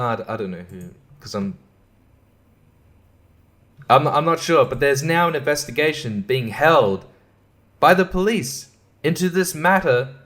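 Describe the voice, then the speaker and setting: A man's voice: on the high side, a bit bright. A man hosting a podcast alone, rambling in a sarcastic, profane way and chuckling to himself. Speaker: podcast host. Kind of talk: casual podcast monologue.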